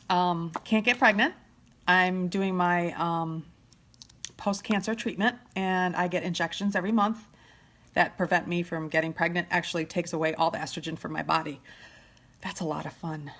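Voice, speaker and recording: A middle-aged woman chatting on a live stream while doing her makeup, heartfelt and at times tearful, often trailing off soft. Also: on the low side. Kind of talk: emotional live chat. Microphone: phone or webcam live stream.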